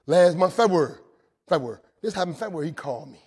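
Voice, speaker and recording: A husky, slightly high-pitched man speaks to a room of inmates about his own recovery. He talks in a loose, animated storytelling way and keeps returning to "right?" and "you know what I'm saying?". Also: fast talker. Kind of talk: testimony talk to inmates.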